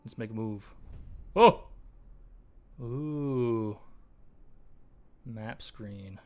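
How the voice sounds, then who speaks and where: A man's voice: mid-range voice, very slow. A man hosting a gaming channel, commenting on his play in a casual, playful and amused way.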